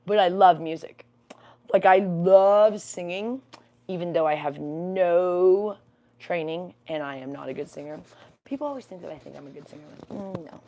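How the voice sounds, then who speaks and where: Young woman rambling on a home livestream, kinda low voice, lots of ums. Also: moderate pace, dark tone. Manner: rambling and chatty, with many fillers. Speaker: livestream co-host. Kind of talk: casual chat.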